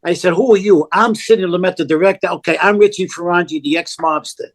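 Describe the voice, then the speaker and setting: An older man, telling a story as a podcast guest, animated and blunt, acting out the dialogue of the people in it. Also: high-pitched, fast talker. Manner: animated, acts out quoted dialogue, blunt and profane. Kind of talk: casual storytelling.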